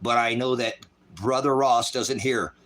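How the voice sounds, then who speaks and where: Middle-aged man, profane livestream preacher, angry and loud in bursts, mid pitch. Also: measured pace. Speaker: street preacher.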